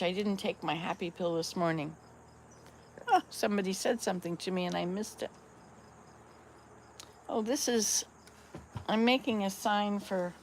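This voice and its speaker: A woman's voice: fairly low pitch, a little hiss or hum. A woman in her sixties chatting casually at home, rambling and upbeat, coaxing her cats now and then. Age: 60s. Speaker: vlogger. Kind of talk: casual chat.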